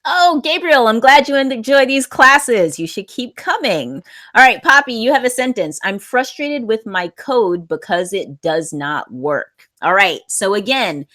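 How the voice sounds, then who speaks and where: A woman teaches an online English class, reading students' sentences aloud and offering gentle corrections. She speaks slowly and deliberately, with a lively, rising and falling pitch. Her manner is patient and encouraging.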